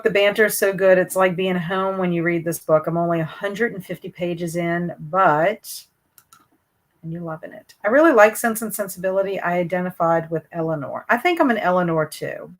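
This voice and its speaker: A woman hosts a casual book livestream and chats with her viewers. Her voice sits a little low, and her manner is chatty and hesitant, with many fillers and restarts. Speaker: booktube host reading live chat.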